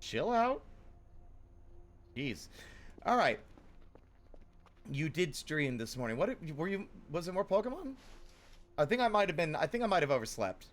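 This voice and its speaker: A man streaming a game, chatting casually and answering his chat in an animated way. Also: a little high, normal speed, pauses often. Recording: clear background noise.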